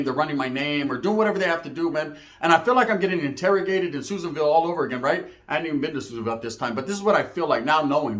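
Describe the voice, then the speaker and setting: A man's voice: a little high, a bit bright. A man from Merced, California, telling a story in casual slang-heavy, profane street talk.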